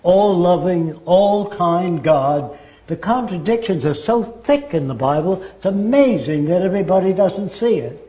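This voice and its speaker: A man's voice: high voice, expressive, measured pace, warm tone. A man giving a blunt, sardonic talk full of rhetorical questions. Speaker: speaker. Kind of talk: lecture-style monologue. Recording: roomy echo.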